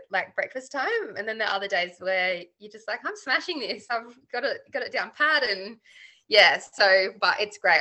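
Bright-voiced Australian woman chatting. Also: mid-range voice. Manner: chatty, warm and candid, with many fillers. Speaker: guest. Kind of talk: casual interview chat.

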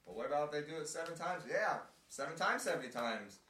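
A man leading a casual group Bible discussion. He reads scripture and acts out quotes in playful, animated voices. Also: fairly high pitch, quick pace, a little hiss or hum. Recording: echoey room, mic at a distance.

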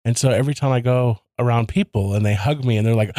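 A man hosting a podcast in casual chat, enthusiastic and quick to laugh. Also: medium pitch, warm tone, no echo, clean studio sound. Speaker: podcast host.

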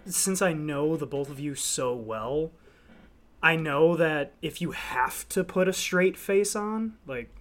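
A man's voice: on the high side, expressive, slow. A man co-hosting a casual chat, teasing and blunt in a playful way. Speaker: podcast co-host.

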